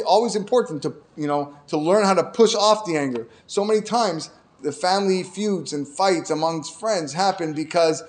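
A rabbi with a somewhat high voice gives a Torah lesson in a storytelling style, growing louder and emphatic as he drives his points home. His speech has frequent restarts and fillers, sprinkled with Hebrew terms.

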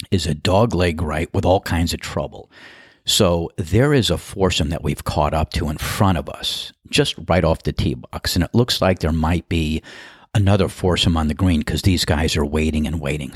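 A low-voiced man with a husky edge tells a story in a casual, wry way, poking fun at himself. The sound is dry and close, with no room around it. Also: animated, moderate pace, dry recording. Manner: wry, conversational, self-deprecating. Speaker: podcast host and golf starter.

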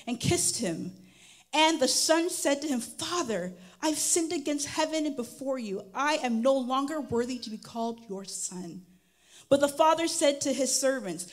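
A woman preaching a sermon, reading scripture aloud with playful call-and-response asides to the congregation. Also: high voice.

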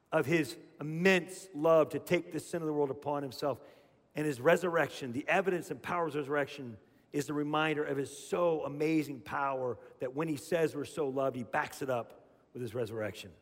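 A middle-aged man preaching a sermon as pastor, telling stories in an animated way and acting out voices. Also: fairly high pitch, normal speed, in a large hall. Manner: animated storyteller, acts out voices.

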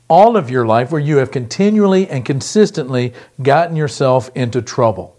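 A middle-aged man preaching a pre-recorded sermon, earnest and emphatic, slowing down to repeat key phrases. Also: mid-range voice, lively intonation, mellow. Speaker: pastor.

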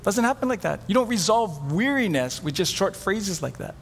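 A middle-aged male pastor preaches, slipping into the voices of the people in his stories. His voice sits a little high, and it rings out with the long reverb of a large hall over faint background ambience. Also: normal speed, a little hiss or hum. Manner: animated storytelling, acts out quoted voices. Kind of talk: sermon.

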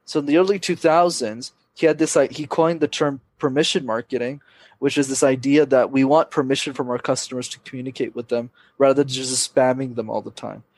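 A man's voice: mid-range voice, brisk, no echo. Emphatic young man coaching on speaking. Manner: energetic, emphatic advice-giving. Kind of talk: podcast interview guest.

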